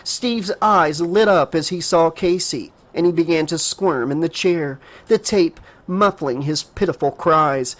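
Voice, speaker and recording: A man narrating a horror audiobook dramatically, raising his pitch for a frightened girl's lines. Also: a little slow, hardly any pauses, a bit bright. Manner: emotive reading, voices the girl in a higher pitch.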